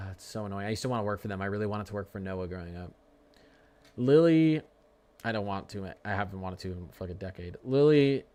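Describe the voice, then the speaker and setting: A man's voice: lowish voice, a little mellow. A young man hosts a casual live weather stream from his desk mic. He rambles, answers his chat, and slides into heated rants. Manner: rambling, ranting, talks to chat. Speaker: weather livestream host.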